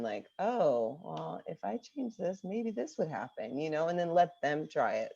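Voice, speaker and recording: A woman with a lower voice speaks as a podcast guest about her years teaching math. She talks in a reflective, easygoing way and leans on "you know" often. The audio is a bit dull and muffled. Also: dark tone. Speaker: guest, former high school math teacher. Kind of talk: casual conversation.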